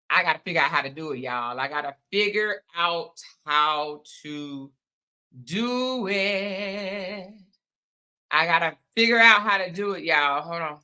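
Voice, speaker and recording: Low-pitched and sharp, a woman's voice leads a casual livestream chat. She welcomes viewers by name and calls them y'all and honey.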